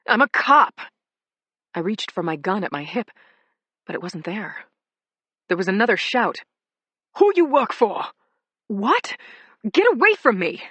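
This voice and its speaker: A woman narrating a first-person crime thriller audiobook in a measured, dramatic way. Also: medium pitch, no room sound.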